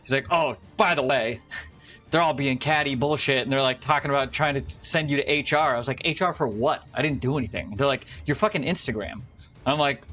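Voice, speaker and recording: A man's voice: medium pitch, quick pace, faint music behind. A young adult man telling profane, ranting stories in casual chat while streaming. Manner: profane, ranting, animated storytelling.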